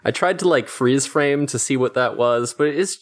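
A man's voice: medium pitch, moderate pace. Laid-back man recapping with friends. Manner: laid-back, retells scenes by quoting characters. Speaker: podcast co-host. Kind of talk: casual chat recapping an episode.

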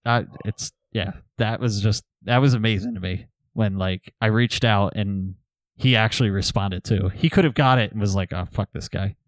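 A man's voice: fairly low pitch, moderate pace, dry recording. A man casually retelling a story to friends on a podcast, reading old messages aloud. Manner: relaxed storyteller, reads messages aloud with laughs.

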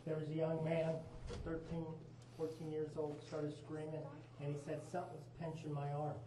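A man's voice: on the high side, completely flat delivery, moderate pace, dark tone. A man guiding a ghost tour, telling stories in a folksy, dramatic way to a group inside an old mine tunnel. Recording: echoey tunnel, far from mic, noisy.

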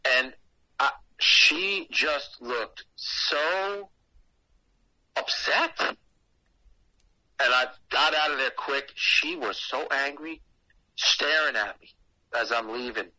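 A man's voice: mid-range voice, slow, long pauses, bright, forceful tone, dry recording, poor audio. A man telling a story casually and animatedly, with lots of swearing.

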